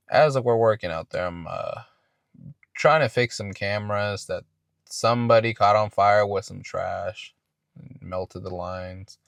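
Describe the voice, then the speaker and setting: A podcast host spins a casual, profane story in a low voice. He wanders and restarts his words often. The sound is dry and close, with no room echo.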